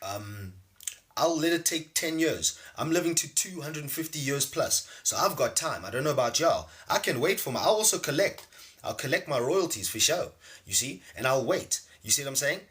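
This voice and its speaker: A man's voice: a little high, very animated, moderate pace, a bit bright. A man giving a casual spiritual talk on a livestream, reading out viewers' names and often asking "see?" to press his points. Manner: loose, emphatic, keeps asking "see?". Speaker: spiritual teacher and livestream host. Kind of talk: casual livestream teaching with chat shout-outs.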